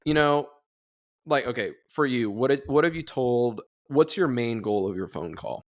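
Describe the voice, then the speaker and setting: A man's voice: mid-range voice, animated, moderate pace. A young man co-hosting a podcast, chatting casually and acting out phone calls with his clients as he tells stories. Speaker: podcast co-host.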